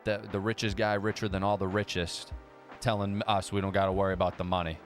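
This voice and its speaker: A man's voice: low-pitched, level tone, faint music behind. Profane sarcastic male livestream host. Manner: profane, sarcastic, fast banter. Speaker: livestream host reading viewer chat. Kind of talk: casual live chat.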